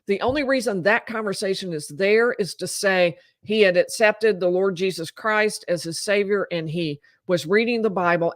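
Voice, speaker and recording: A woman's voice: lowish voice, dry recording, studio quality. A woman lawyer giving live legal commentary in an explanatory, emphatic way.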